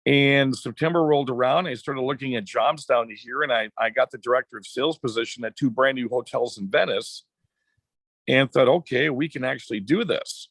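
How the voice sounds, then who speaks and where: A middle-aged man from Wisconsin, a former racetrack announcer, telling a story as a podcast guest in a chatty, animated way. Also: mid-range voice, normal speed, no room sound. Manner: chatty, animated anecdotes with quoted dialogue. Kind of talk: casual storytelling.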